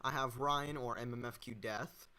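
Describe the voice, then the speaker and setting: A man's voice: mid-range voice, fairly even intonation, normal speed, pushed and bright, clear, resonant tone. A young man hosting a casual podcast and introducing his guests plainly. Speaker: podcast host. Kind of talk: casual chat.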